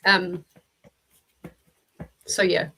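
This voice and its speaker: A woman's voice: on the low side, little pitch movement, very slow, a bit bright, slightly rough, rough recording. A woman with a New Zealand accent hosting a book club stream, chatting casually and telling stories with laughs. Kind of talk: casual chat.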